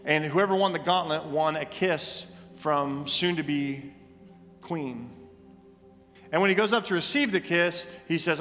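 Animated preacher man in a reverberant church. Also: on the high side, measured pace, soft background music. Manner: animated storytelling, emphatic repetition. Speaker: pastor. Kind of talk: sermon. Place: church sanctuary.

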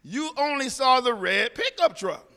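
A man speaking to a group, telling a personal story in an animated way and acting out the dialogue. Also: extremely high pitch, measured pace, big-room sound.

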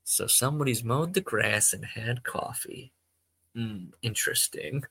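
Rambling man with a bright voice. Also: mid-range voice, unhurried, vocal fry, husky. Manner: rambling, stumbling, self-correcting. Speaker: podcast host. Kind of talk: reading amateur fiction aloud, with asides.

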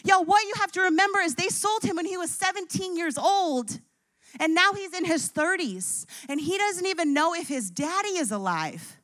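High-voiced woman preaching a sermon. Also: a bit bright, no echo. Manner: storytelling, acts out scripture figures with rising intensity.

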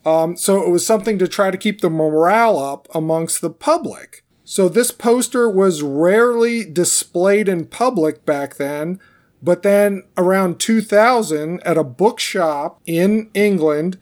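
A man's voice: high-pitched, a little slow, a little mellow. Joking male co-host explaining trivia. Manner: jokey, explains trivia at length. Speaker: podcast co-host. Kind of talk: casual chat.

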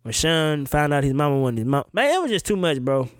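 A man's voice: on the high side, brisk, no room sound, studio quality. A man hosting a podcast in casual chat, ranting animatedly with lots of swearing and laughter. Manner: animated, profane, laughing rants. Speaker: podcast host.

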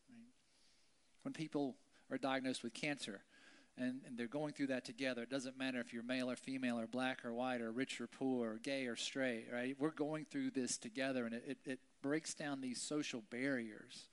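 A man giving a relaxed Bible lesson, chatting with listeners through rhetorical questions and now and then shouting out quotes with drama. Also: mid-range voice, moderate pace. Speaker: preacher. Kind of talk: Bible teaching, conversational sermon.

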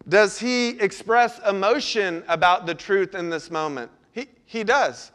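A man delivers a sermon in a noticeably high, light voice. He talks to the congregation in an earnest, conversational way, often stopping to put questions to them. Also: a little slow, fairly bright tone. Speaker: pastor.

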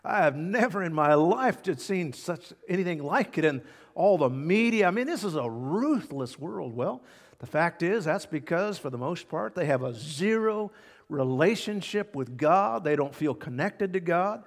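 A man preaching a sermon as pastor, emphatic, repeating key words and swinging between loud and hushed. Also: fairly high pitch, animated, unhurried. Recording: long hall reverb.

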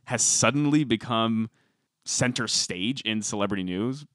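A man's voice: on the low side, measured pace, a bit bright, no room sound, clean studio sound. A man co-hosting a podcast, chatting casually about celebrity gossip and reading quotes aloud. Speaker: podcast co-host. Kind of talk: casual chat.

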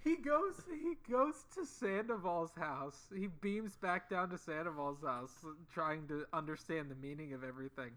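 A man's voice: on the high side, expressive, normal speed, few pauses, a bit bright. A man co-hosting a casual comedic podcast, recapping a book with playful asides over a video call. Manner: jokey, summarizing the plot with playful asides. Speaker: podcast co-host.

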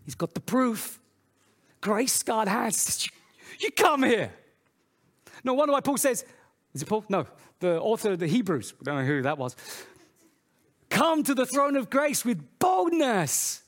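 A man preaching a sermon in an animated way, swinging between loud, emphatic phrases and quiet, low asides. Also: unhurried. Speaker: pastor.

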